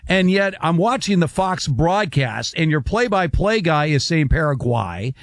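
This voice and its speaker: A man's voice: high-pitched, unhurried, no room sound. A man hosting a sports radio show from a studio, telling bemused stories in casual chat. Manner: animated, bemused storytelling. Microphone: studio microphone.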